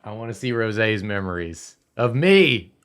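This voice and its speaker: Lowish guy doing his character in a tabletop game, smug and deadpan. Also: normal speed. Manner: smug, mock-serious in-character bravado. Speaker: player. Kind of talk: improvised tabletop role-play in character.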